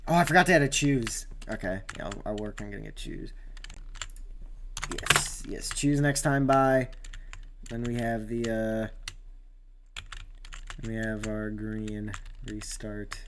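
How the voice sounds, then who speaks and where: A man commentating his own sim race on a live stream, rambling with many fillers and sudden excited outbursts. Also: fairly low pitch, slow, pauses often, background noise.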